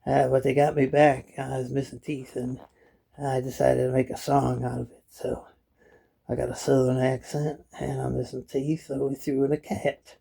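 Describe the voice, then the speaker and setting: A man's voice: mid-range voice, level tone, moderate pace, gravelly, mellow, breathy edge. A man vlogging at home in a kitchen chair, talking straight to his viewers in a jokey, rambling way, filmed on a phone. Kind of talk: casual rambling vlog to camera.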